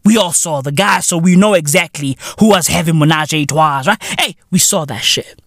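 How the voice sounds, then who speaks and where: A man in his thirties hosts a podcast and rants in a loud, profane comedic style. His voice sits high and sounds bright and sharp. The recording is close-miked and dry. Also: normal speed, no room sound. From South Africa. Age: 30s. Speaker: podcast host.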